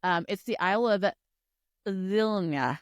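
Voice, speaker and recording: A woman co-hosting a casual book podcast, retelling the plot with lively energy and plenty of swearing. Her voice sits in a middle range. The sound is dry and close, with no room echo. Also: mid-range voice, takes it slowly. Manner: animated retelling, acting out characters with swearing. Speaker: podcast co-host. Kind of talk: casual book recap chat.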